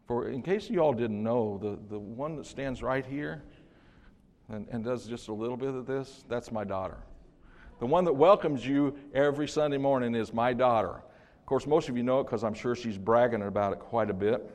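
Gravelly older male pastor preaching. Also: medium pitch, moderate pace. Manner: preaching with swings from hushed to loud, with joking asides. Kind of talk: sermon. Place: church sanctuary. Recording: long reverb of a church hall.

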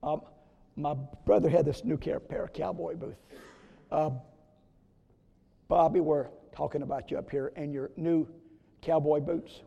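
A man preaching a sermon, telling a story in an earnest way with sudden loud rises. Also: a little high, steady tone, measured pace, creaky, long pauses, muffled recording. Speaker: pastor. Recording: long reverb of a church hall.

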